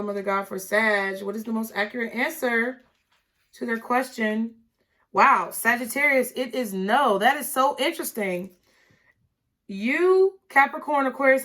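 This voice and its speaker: A woman with a somewhat high, slightly bright voice reads tarot casually for her viewers. She's encouraging, says words more than once, and keeps adding "okay?"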